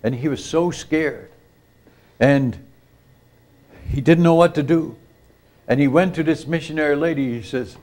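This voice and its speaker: A man's voice: medium pitch, moderate pace, long pauses, a little mellow. An older man, a missionary speaker, telling a story in a sermon at a retreat camp meeting, acting out the quoted voices and often turning to the audience with asides.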